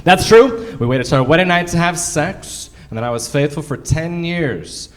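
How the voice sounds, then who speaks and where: A man's voice: a little high, animated, moderate pace, few pauses. A man in his thirties doing a stand-up comedy set live on stage. He jokes about himself, chats with the crowd and chuckles through his own punchlines. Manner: self-deprecating, laughs through his punchlines; chatty crowd work with the audience.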